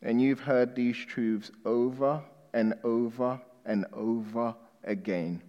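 A male preacher delivering a sermon, quizzing the congregation with emphatic questions and dropping to a hushed tone for appeals. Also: mid-range voice, steady tone, slow pace, highs cut off. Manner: drops to a hushed, reflective tone for appeals. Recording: long reverb of a large hall.

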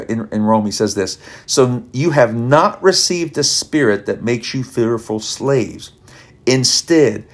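A man preaching a podcast sermon, heartfelt and rambling with many restarts, audibly emotional and near tears. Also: lowish voice. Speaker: pastor.

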